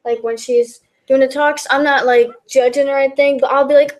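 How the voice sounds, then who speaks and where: High-voiced woman rambling through vlog Q&A. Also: a little fast. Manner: rambling, many fillers and restarts. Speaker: YouTube backyard wrestling commentator. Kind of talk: casual Q&A vlog, reading and answering questions.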